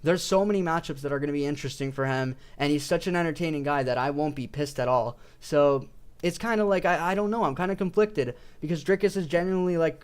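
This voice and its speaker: Young man, slightly high voice, casual rambling commentary, profane, restarts sentences, desk mic. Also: smooth. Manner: profane, restarts often, repeats "but listen". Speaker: MMA YouTuber. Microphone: desk microphone.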